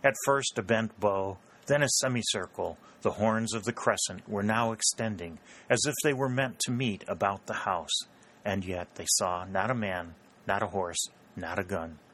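A man narrates a historical novel in a steady, measured way. His voice sits on the low side and moves at an unhurried, even pace. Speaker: audiobook narrator.

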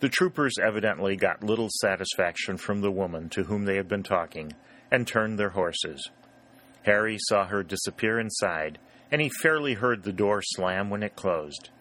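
Male narrator, low voice, steady storytelling, scripted reading. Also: normal speed. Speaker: audiobook narrator.

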